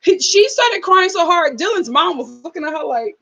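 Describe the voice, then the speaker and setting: A young adult woman chatting casually as she reviews a reality show, emphatic and animated, acting out the scenes she describes. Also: very high-pitched, normal speed.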